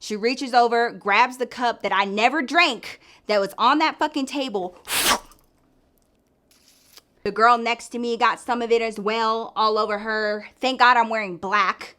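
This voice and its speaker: A woman's voice: on the high side, a little slow, bright, forceful tone. Young woman telling a story, chatty and profane. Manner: chatty and profane, heavy use of "like". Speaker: storyteller vlogger. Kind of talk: casual storytime.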